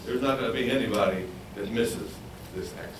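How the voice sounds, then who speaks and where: A man preaching a Bible sermon, animated and acting out the quoted voices. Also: fast talker, background noise. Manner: animated, acts out quoted voices in a higher pitch. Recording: echoey room, voice from far off.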